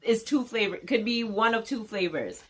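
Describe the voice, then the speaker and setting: A young woman hosting a casual challenge vlog at home with family, excitable and quick to shriek and laugh. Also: a little high, slightly rough. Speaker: vlogger host. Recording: noisy home video.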